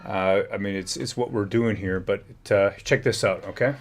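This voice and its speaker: A man's voice: on the low side, steady tone, normal speed. A man hosting a political livestream, chatting and reading documents aloud. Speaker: livestream host. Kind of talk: casual livestream commentary.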